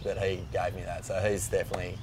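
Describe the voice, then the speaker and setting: Lively Australian man telling surf stories. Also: low-pitched, fast, a loud crowd. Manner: animated storyteller, rambling with fillers. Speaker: guest, surf magazine editor. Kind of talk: casual podcast conversation.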